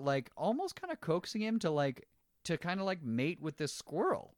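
A man talks through a film with a friend in an easy, casual way. His pitch leaps around as he gets animated and now and then acts out a line. The sound is dry and close, with no room around it. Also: moderate pace, no room sound. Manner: animated, laughs often, acts out quoted lines. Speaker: podcast co-host. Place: living in a city.

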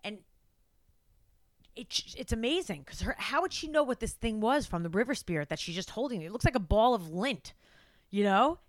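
A woman's voice: normal speed, no room sound. A woman co-hosting a podcast, chatting animatedly through a film recap and leaning into the story. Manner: animated, acts out quotes in a high frantic voice. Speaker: podcast co-host. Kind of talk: casual chat recapping a film.

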